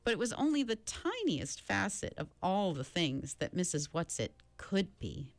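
A woman reading a novel aloud slowly and expressively. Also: on the low side, dry recording. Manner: slow, expressive storybook reading. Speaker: reader.

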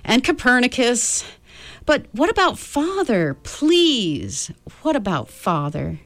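A woman's voice: fairly high pitch, very animated, slow pace, a bit bright, voice pushed up, exaggerated voice. A woman voicing an anxious, impatient teenage girl who pleads in a trembling voice, in a storybook reading.

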